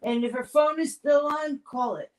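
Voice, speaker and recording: A middle-aged woman hosts a live crafting stream, chatting loosely as she works, rambling and restarting sentences, and pausing to answer viewers in the chat with friendly, personal replies. Her voice is slightly high and a little mellow, at a moderate pace, in a low-quality recording.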